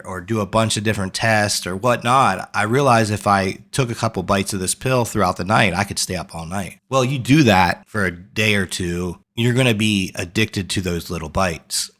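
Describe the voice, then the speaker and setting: A man's voice: lowish voice, moderate pace, hardly any pauses, fairly bright tone. A man, a coach, telling his own story candidly to the camera, earnest and rambling, often repeating phrases for emphasis.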